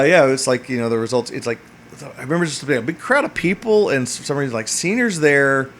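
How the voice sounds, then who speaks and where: A man's voice: mid-range voice, a little hiss or hum. Rambling, profane man telling navy stories. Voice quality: rambling, profane, lots of fillers and restarts. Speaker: podcast host, Navy veteran. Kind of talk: casual storytelling monologue.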